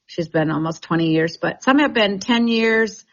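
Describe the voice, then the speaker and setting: A woman's voice: medium pitch, moderate pace, dull audio. A woman who leads a real estate team, talking in a chatty, enthusiastic way with many restarts in a radio interview.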